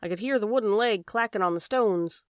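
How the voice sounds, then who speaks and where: A woman's voice: medium pitch, brisk, smooth, dry recording, studio quality, lightly acted. A woman voicing an anxious, chatty boatman's wife, in an audiobook. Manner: homely, dropped endings, worried run-on talk.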